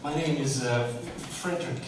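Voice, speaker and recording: A man's voice: medium pitch, moderate pace, natural voice. An actor playing a prim, shy, classically trained young man with an Irish accent, talking in a hesitant, formal, stammering way. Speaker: stage actor. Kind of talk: live stage play acting. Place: theatre stage. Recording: echoey hall from far off, noisy.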